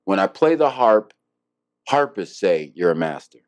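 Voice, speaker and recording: A man's voice: low voice, sing-song, unhurried, no echo. A man, a harpist guest in an interview, talking casually and reflectively with many fillers and restarts.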